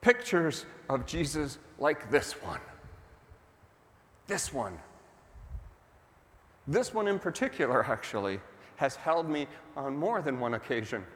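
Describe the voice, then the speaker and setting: A man's voice: medium pitch, very animated, slow, long pauses, a bit bright, in a large hall. A man preaching a sermon as pastor, telling the story in a conversational way and putting questions to the congregation.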